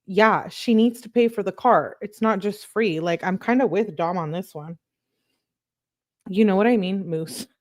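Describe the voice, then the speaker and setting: A woman's voice: mid-range voice, unhurried, no echo, clean studio sound. A woman hosting a casual commentary, reading text messages aloud, chatty and sarcastic, breaking into laughter often. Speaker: true crime channel host.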